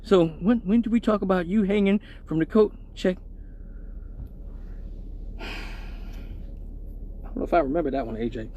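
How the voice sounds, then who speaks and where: A man with a notably high voice tells a raunchy story on his live stream. He swears constantly, laughs at his own tale and talks casually and animatedly. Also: very animated, a little slow, pauses often, warm tone, highs cut off, a little hiss or hum.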